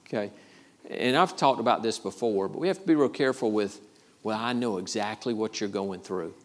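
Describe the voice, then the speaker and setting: A man's voice: on the low side, a little fast. A man from Georgia, preaching a sermon as pastor, stressing points by repeating phrases and calling out "Amen?" to the congregation. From Georgia, USA.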